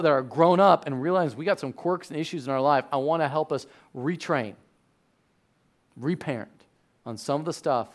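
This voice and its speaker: Chatty, animated pastor preaching. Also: male voice, on the high side. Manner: chatty storyteller, animated with sudden loud outbursts. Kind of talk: sermon.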